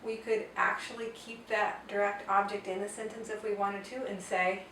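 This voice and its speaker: A woman's voice: medium pitch, level tone, fairly bright tone. Woman teaching grammar in an echoey room. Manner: slow, careful explanation with Spanish example sentences. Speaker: Spanish teacher. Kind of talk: whiteboard grammar lesson. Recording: echoey room, distant mic, faint noise.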